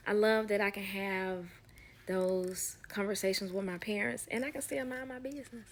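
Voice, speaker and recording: Woman, storyteller nanny; sassy, animated, casual storytime delivery with whispered asides. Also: mid-range voice, moderate pace. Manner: animated, sassy, acts out quoted people. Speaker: nanny sharing work stories.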